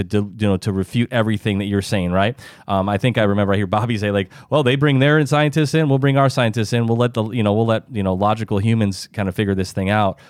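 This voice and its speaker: Host guy w a lowish voice, rambles thru his questions, dry close mic. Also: dry recording. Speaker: podcast host. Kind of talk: casual interview questions.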